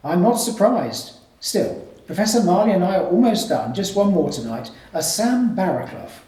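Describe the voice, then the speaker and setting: A man voicing a courteous, brisk male college tutor, heard in an echoey room from a distance. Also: high-pitched, sing-song, mellow, voice pushed up. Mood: polite, brisk. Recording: echoey room, mic from afar.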